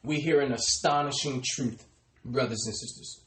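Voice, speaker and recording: A man preaching a sermon, often calling his listeners "brothers and sisters" with phrase endings that trail off softly. He slows down to press home key words. His voice sits at a middle pitch, and the room has a noticeable echo. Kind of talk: sermon with scripture call-and-response.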